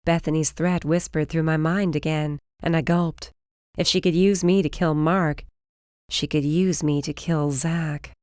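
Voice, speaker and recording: Female audiobook narrator, lower voice, dry close recording, steady first-person read. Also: unhurried, no echo.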